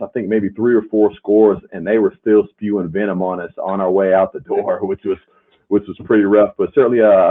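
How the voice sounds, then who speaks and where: Man, lowish voice, former player turned podcast co-host, emphatic punchy delivery, phone-line audio. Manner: emphatic, punchy, tag questions. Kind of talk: casual sports chat. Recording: tinny phone-like sound.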